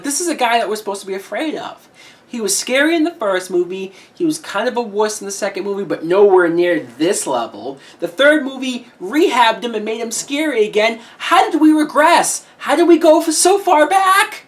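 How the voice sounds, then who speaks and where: A woman reviewing a movie in a heated, profane rant, with sudden shouted peaks. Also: on the low side, recorded from a distance. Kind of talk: ranting film review.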